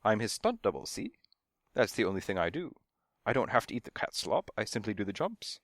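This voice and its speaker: A man's voice: lowish voice, big pitch swings, fairly quick, a bit bright, dry recording, studio quality, exaggerated voice. Man voicing a fussy British stunt cat. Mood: indignant. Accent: slight British. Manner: emphatic, heated. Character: acrobatic male stunt cat, fussy, proud.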